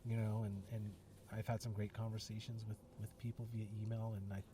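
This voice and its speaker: A man's voice: lowish voice, flat delivery, brisk. A man hosting a podcast, talking in a reflective, earnest way with many restarts. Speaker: podcast host. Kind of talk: casual conversation. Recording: distant mic with faint noise.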